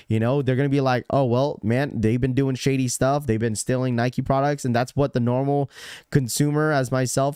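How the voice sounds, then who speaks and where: A man's voice: medium pitch, a little mellow, clean tone, no echo, clean studio sound. A young man hosting a casual livestream, reading out chat messages and rambling with lots of fillers and repeats. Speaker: livestream host.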